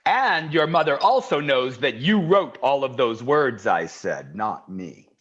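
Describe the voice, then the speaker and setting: A man's voice: mid-range voice, sing-song, unhurried, fairly bright tone, husky, lo-fi sound. A man co-hosting an online show, chatting playfully and leading the audience. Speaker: show co-host. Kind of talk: casual chat and audience hosting.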